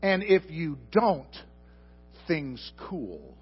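Husky preacher swinging loud and soft. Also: male voice, on the high side, wildly swooping pitch, muffled recording, soft background music. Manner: swings from loud emphatic bursts to soft, slow asides; addresses the congregation directly with questions. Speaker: pastor. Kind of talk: sermon. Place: church sanctuary before a congregation. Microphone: microphone.

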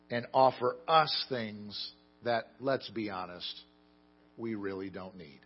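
Husky pastor preaching a sermon. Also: male voice, on the low side, slow, lo-fi sound. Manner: storytelling, self-deprecating, swings between loud emphasis and quiet asides.

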